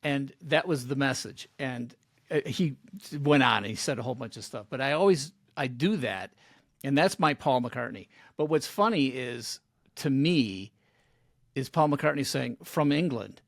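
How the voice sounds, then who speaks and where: A man hosts a casual conversation with a middle-pitched, steady voice. He leans back into anecdotes and asks leading questions. The recording is close and dry, with no room sound. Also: moderate pace, gravelly, no room sound. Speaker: podcast host. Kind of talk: casual interview chat.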